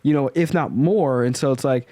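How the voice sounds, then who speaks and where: A man in his twenties hosting a podcast, telling stories in a lively, casual way and laughing often. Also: medium pitch, normal speed, no room sound. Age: 20s. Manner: animated storytelling, laughs often. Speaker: podcast host.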